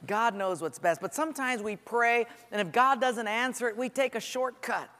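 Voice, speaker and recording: A man's voice: very high voice, moderate pace, sharp tone, in a large hall. A man preaching a sermon, telling stories with humor and acting out the voices of people praying and complaining. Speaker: pastor.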